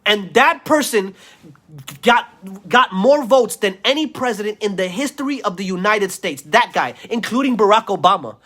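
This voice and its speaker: A vlogger rants heatedly in a video commentary, hurling insults at his listeners, repeating himself, and stammering through restarts. His voice sits high and sounds fairly bright, lively and delivered at a moderate pace.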